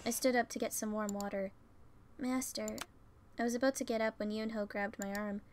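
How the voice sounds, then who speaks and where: A woman's voice: medium pitch, flat delivery, fast, a little hiss or hum. A woman reading a visual novel game aloud, narrating plainly and breaking in with swearing and joking reactions. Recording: faint music behind.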